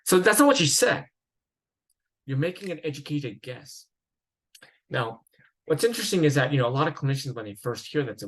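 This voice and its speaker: A man's voice: fairly high pitch, sing-song, moderate pace, long pauses, fairly bright tone, breathy edge, rough recording. A man lecturing at a psychiatry conference in a conversational way, with fillers, restarts and the odd laugh.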